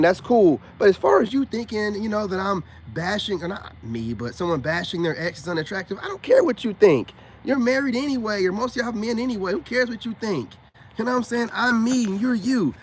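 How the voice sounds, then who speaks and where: There's slight background noise as a high-voiced man drawls teasingly at his viewers. A self-styled spiritual coach on a casual livestream, he keeps repeating "you know what I'm saying" to the chat.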